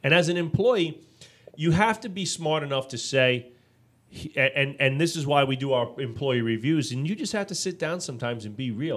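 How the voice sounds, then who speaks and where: A man's voice: mid-range voice, normal speed. A man co-hosting a casual business podcast, telling stories with animation, acting out quotes and restarting his sentences often. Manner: animated storytelling, acts out quotes; frequent restarts and fillers. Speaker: podcast co-host.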